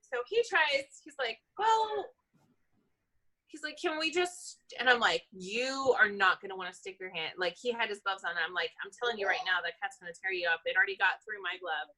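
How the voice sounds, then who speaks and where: A woman, an animal control officer, telling an animated story in a casual interview and laughing often. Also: medium pitch, moderate pace, rough recording.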